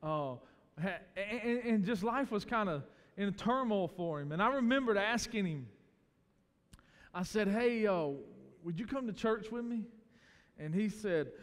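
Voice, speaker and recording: A man's voice: sits high, expressive, a little slow. A man, a pastor preaching a sermon in a casual storytelling way. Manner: storytelling, conversational, quotes others in acted voices. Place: church sanctuary. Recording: church hall with long reverb.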